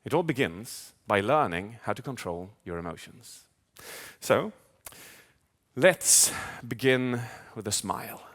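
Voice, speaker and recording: A man speaking as a communication coach in a live keynote, animated, asking the audience questions and acting out inner voices. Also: fairly low pitch, slow. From Sweden. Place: large event hall. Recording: long hall reverb.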